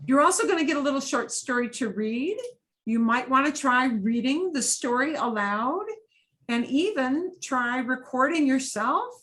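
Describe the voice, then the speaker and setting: A middle-aged woman leads a Spanish class in an easy, chatty way. She explains steps, models phrases with rising and falling intonation, and checks in with quick Spanish words. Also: high-pitched, animated, a bit bright, rough recording. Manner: chatty, sprinkles Spanish checks like vale and bien. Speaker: Spanish teacher. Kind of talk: casual classroom instruction.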